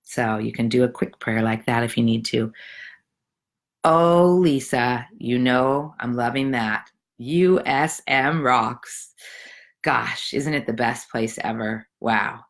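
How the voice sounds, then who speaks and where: A woman with a very deep, low voice hosts an online challenge from her home. She is middle-aged and talks casually and encouragingly, rambling with lots of fillers. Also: slow pace. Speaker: challenge host. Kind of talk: casual live video talk.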